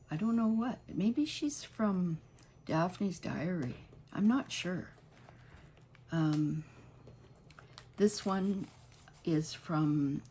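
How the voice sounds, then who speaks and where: A woman's voice: low voice, dark tone, slight background noise. A woman hosting a casual crafting tutorial at home, chatty and rambling, often restarting mid-sentence.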